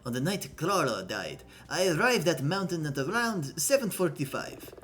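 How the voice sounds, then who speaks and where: Brief: man doing an earnest, bright-toned young lawyer, inquisitive, plain delivery. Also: medium pitch, very animated, a little fast, soft background music. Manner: earnest, questioning, slightly hesitant. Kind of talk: reading game dialogue aloud.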